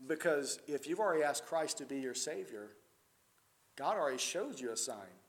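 A man preaching a sermon in a church, swinging between loud emphatic stretches and quiet, intense ones. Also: on the high side, animated, moderate pace.

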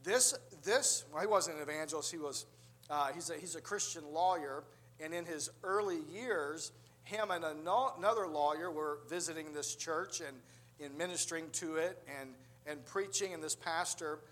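Storytelling male preacher, higher-pitched. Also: normal speed, fairly bright tone. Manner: storytelling, acting out quoted voices. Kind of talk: sermon.

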